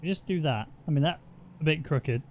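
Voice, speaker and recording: A man's voice: a little high, a little fast. Jokey sim racing commentator man. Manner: joking, banter-heavy, excitable on incidents. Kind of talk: casual race commentary.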